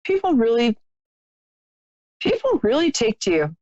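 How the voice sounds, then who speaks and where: A woman's voice: on the high side, wildly swooping pitch, measured pace, warm tone, dry recording, muffled recording. A woman hosting a live stream, chatting sympathetically with a caller as she gives a psychic reading, with many fillers and restarts.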